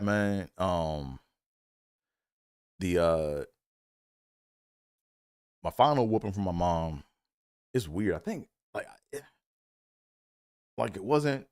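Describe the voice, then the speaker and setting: A man's voice: low voice, dry recording, studio quality. A man from Maryland telling a loose, profane childhood story with lots of fillers and restarts. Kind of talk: casual comedic storytelling.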